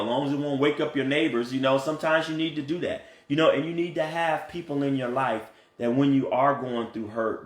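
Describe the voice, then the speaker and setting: A man coaching couples in casual talk, earnest and animated, often checking in with "right?". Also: mid-range voice. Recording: echoey room.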